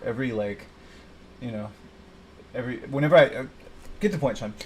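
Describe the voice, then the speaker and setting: A man's voice: mid-range voice, a little fast, long pauses, darkish tone, slight background noise. A man venting in a rambling personal video, frustrated and swearing, talking to himself. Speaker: vlogger.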